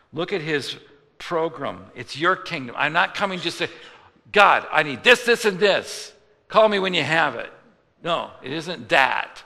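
A man's voice: mid-range voice, pushed and bright. A male pastor preaching a sermon in a conversational style, acting out the voices of people he quotes. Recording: long hall reverb.

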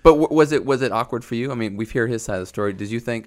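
A man's voice: medium pitch, rapid-fire, hardly any pauses. A man co-hosting a podcast, chiming in with curious follow-up questions. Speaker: podcast co-host. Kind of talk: casual interview chat.

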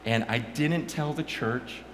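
A pastor telling animated stories, swinging from quiet asides to loud bursts and repeating his words as he goes. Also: mid-range voice, slow pace, reverberant, a little hiss or hum. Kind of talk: animated storytelling talk.

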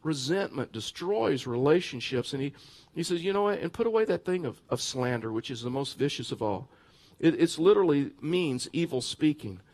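Male pastor, sermon delivery, a touch high-pitched, lively anecdotal preaching with restarts. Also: normal speed. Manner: animated storytelling with bursts of laughter; repeats words and restarts phrases.

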